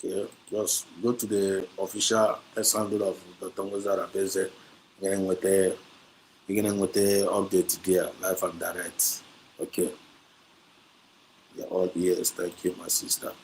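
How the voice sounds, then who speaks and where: A man's voice: sits low, level tone, unhurried, darkish tone, slight background noise. A man with a Nigerian accent hosting a heated livestream, combative and repetitive, switching between English, Pidgin and Igbo. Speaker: livestream host. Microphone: streaming setup.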